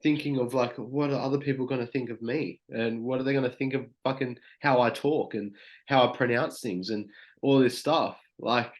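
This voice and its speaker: A young man speaks as a podcast guest in a loose, rambling way. He leans on "like" as filler and swears freely, at an ordinary middle pitch. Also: steady tone, moderate pace, highs cut off. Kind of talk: casual podcast chat.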